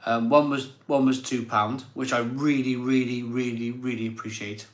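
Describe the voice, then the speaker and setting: A man's voice: mid-range voice, fairly even intonation, moderate pace, hardly any pauses. Effusive man in an echoey room. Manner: effusive, repeats words of thanks over and over. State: emotional, catching his breath. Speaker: live stream host reading viewer messages. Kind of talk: casual live stream chat. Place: home room set up as a virtual pub.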